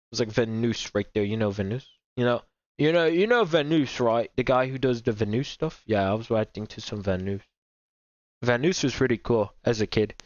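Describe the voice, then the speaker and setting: A man's voice: medium pitch, moderate pace, no room sound. A young man hosting a reaction video, rambling casually, repeating himself and filling gaps with "like" and "bro". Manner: rambling, repeats himself, heavy filler words. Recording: dry, slightly dull home mic.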